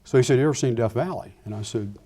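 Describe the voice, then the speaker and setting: An older man, a retired Air Force pilot, giving a lecture full of anecdotes and acting out the dialogue with lively restarts. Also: medium pitch, racing, slightly rough. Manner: animated storyteller acting out dialogue, frequent restarts.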